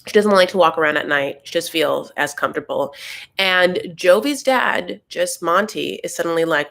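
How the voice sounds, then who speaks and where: A woman's voice: on the low side, normal speed, creaky, a bit bright. Chatty woman doing a show recap, ranty and foul-mouthed. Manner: gossipy, profane, ranting. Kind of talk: casual recap chat.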